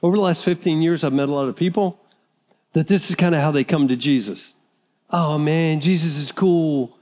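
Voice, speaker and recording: A man preaching a sermon as pastor, animated, sometimes acting out the voices of people in the story. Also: on the high side, fast talker. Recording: reverberant hall.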